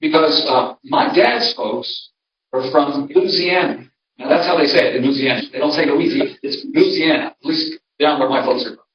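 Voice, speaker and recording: A man's voice: mid-range voice, moderate pace, slight background noise. An older man, a pastor, giving a conversational seminar talk in a church and telling homespun stories with many restarts. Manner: conversational, storytelling, frequent restarts. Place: church hall. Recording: roomy, distant, dull sound.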